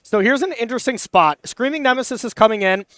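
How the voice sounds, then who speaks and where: Smooth high-voiced male commentator. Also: quick pace, fairly bright tone, dry recording. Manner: analytical, explains plays, laughs easily. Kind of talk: game commentary.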